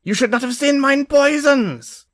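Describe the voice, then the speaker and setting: A man's voice: extremely high pitch, a little slow, a bit bright, no room sound, pitched above the performer's own voice. A man voicing a fierce young woman poisoner with a thick German accent, barking tyrannically. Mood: furious.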